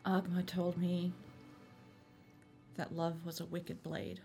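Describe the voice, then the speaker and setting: A woman playing a tabletop role-playing game, speaking in a measured, reflective way in character. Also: on the low side, completely flat delivery, mellow, faint music behind. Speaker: player.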